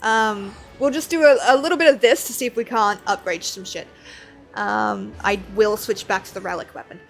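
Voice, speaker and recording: A woman's voice: mid-range voice, moderate pace, creaky, faint music behind. A woman streaming a game and chatting casually, rambling and self-deprecating, with lots of fillers. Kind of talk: casual chat while playing.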